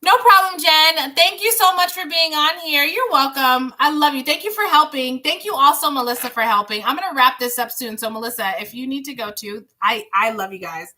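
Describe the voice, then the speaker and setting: A woman's voice: high-pitched, a little fast, hardly any pauses, sharp tone. A young woman giving tarot readings on a live stream, chatty and rambling, talking straight to her viewers. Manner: chatty, rambling, reassuring, sings bits of songs. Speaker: tarot reader.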